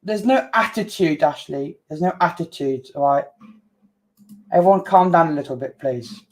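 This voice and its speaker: Man, high voice, defensive, repetitive, heated livestream chat. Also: moderate pace. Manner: defensive, keeps repeating "calm down". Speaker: stream co-host.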